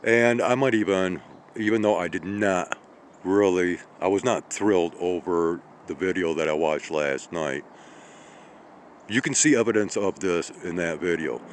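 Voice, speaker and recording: A tired man in his late fifties rambling through a slow monologue, checking in with "okay?" and "all right?" as he goes. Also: low-pitched, slight background noise. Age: 50s. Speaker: channel host.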